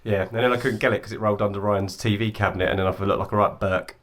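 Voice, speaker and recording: Low-voiced laughing man. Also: steady tone, fast talker, background noise. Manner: laid-back, laughs a lot. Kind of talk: casual chat.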